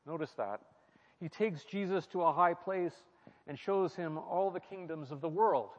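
A man's slightly high voice, at normal speed, preaches and teaches through a Bible passage in a sermon style. He's reflective, asking listeners questions and repeating key phrases. The recording is muffled, with a long hall reverb.

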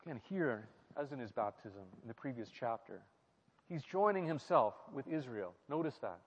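Man, preacher, lively rising and falling voice, reflective teaching, long hall reverb, slightly muffled sound. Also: mid-range voice, moderate pace. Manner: reflective, asks the listener questions, repeats key phrases. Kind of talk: sermon-style Bible teaching.

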